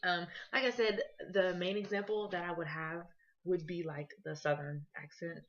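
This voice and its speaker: A woman's voice: on the low side, steady tone, moderate pace, fairly bright tone. A young woman from Ohio giving a casual class presentation as a student, talking conversationally with lots of fillers. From Columbus, Ohio. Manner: casual, conversational, with many fillers and "you know"s. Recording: dull lo-fi recording.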